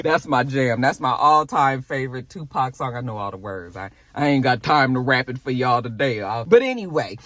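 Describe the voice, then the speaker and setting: A woman recapping a TV episode in a casual vlog, telling it with slangy asides and animated delivery. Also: a bass voice, moderate pace, hardly any pauses, dry recording. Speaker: TV episode reviewer.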